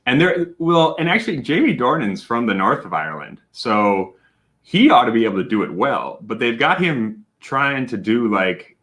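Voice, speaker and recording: A man hosts a casual livestream from a room at home. He talks in a chatty, animated way, full of fillers and shout-outs. His voice is bright and swoops up and down a lot. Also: mid-range voice, normal speed. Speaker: livestream host.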